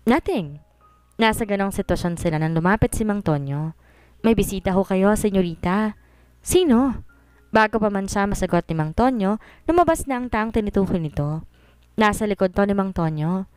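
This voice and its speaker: A woman's voice: medium pitch, expressive, fast, smooth, no echo, faint music behind. A woman narrating a story in scripted narration, switching between Tagalog and English.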